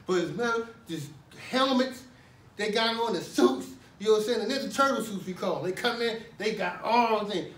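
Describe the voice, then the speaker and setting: Storyteller, male, high and lively voice, acts out scenes with loud shouted bursts, far mic in a roomy hall. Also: brisk. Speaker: storyteller recounting his prison years. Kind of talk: spoken personal storytelling to a live audience. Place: talk at a college hall.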